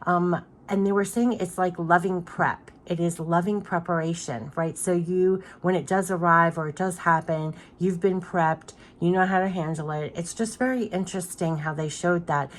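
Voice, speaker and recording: A woman's voice: fairly low pitch, steady tone, moderate pace, few pauses. A middle-aged woman hosting a spiritual card reading, talking casually and rambling with many fillers.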